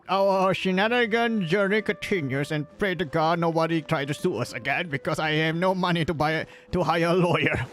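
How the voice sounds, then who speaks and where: A man's voice: a little high, fairly bright tone. A man with a Southeast Asian English accent casually joking and rambling with fillers while streaming a game.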